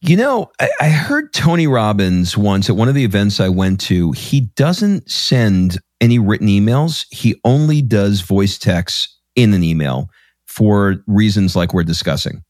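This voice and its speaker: A male podcast host with a low voice that rises and falls a lot asks curious follow-up questions. His voice sounds dry and close to the mic, with no room sound. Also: big pitch swings, measured pace, darkish tone, dry recording. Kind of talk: conversational interview.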